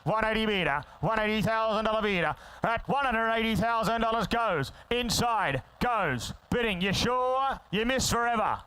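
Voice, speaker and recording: A high, bright male voice, calling bids as an auctioneer in a rapid rattling chant. His tone is smooth and clear, and he throws quick teasing asides to the bidders between calls. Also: no room sound, rough recording. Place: sale ring.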